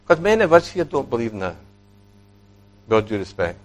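A man preaching a sermon, animated, acting out quoted speech and putting questions to his listeners. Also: medium pitch, quick pace.

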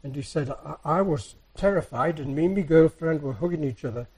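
Soft-spoken man telling church stories. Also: a little high, a little fast, husky, poor audio. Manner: soft-spoken, rambling storyteller. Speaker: church speaker. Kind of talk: anecdotal sermon.

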